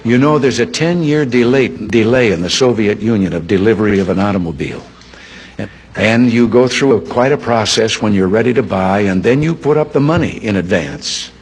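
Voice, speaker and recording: A man's voice: lowish voice, animated, moderate pace, darkish tone, breathy edge. Folksy older man telling jokes. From United States. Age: 70s. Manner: folksy, chuckling storyteller. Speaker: public speaker telling jokes. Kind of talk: anecdotal joke-telling from an archive recording.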